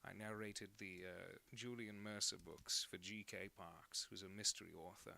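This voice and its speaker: A man's voice: sits low, fairly even intonation, moderate pace, vocal fry, hardly any pauses, pushed and bright. A cartoonist talking casually on a live stream, rambling and joking as he reads out chat messages.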